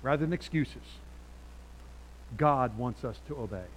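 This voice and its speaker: A middle-aged man preaching a sermon as pastor, animated and chatty, dropping to quiet asides and then getting loud. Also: mid-range voice, unhurried, a little hiss or hum, rough recording.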